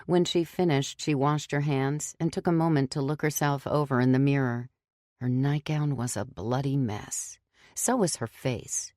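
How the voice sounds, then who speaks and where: A woman narrating a horror audiobook in a steady, measured reading. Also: a bass voice, no room sound, studio quality.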